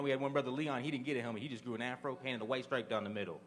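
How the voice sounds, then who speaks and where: Speaking very fast in a mid-range voice with fairly even intonation, a young man does a live stand-up set at a small venue. He chats loosely with the crowd and keeps throwing questions at them.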